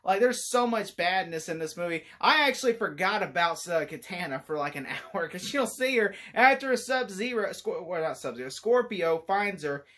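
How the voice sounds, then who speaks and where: Man, movie reviewer, bright voice, casual rambling talk, animated, laughs a lot. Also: sits high, normal speed, few pauses. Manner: animated, laughs often while talking.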